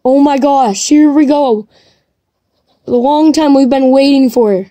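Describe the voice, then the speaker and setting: A woman giving casual commentary to herself while playing a game, excitable and chatty. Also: high-pitched, takes it slowly, no echo. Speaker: gamer streaming gameplay. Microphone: device mic while playing on a tablet.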